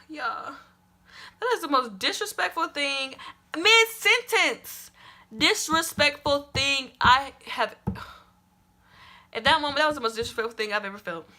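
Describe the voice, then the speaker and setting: A young woman telling a personal story in a storytime vlog, animated and emphatic, repeating lines for effect and swearing casually. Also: high-pitched, unhurried, pauses often. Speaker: vlogger.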